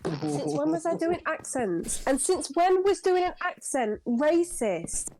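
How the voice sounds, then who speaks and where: A woman's voice: high voice, lively intonation, slow pace. A woman bickering in casual chat, indignant and sweary.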